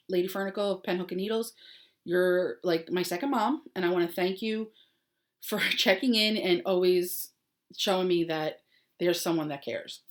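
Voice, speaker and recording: Chatty woman hosting a crafting podcast. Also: on the low side. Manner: heartfelt, rambling with many ums and restarts; bubbly and upbeat when announcing. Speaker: podcast host. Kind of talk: casual chat.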